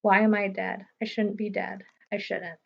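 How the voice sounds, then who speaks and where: A woman reading a first-person novel aloud in a steady, understated way. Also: medium pitch, moderate pace, creaky. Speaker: audiobook reader. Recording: slightly muffled recording.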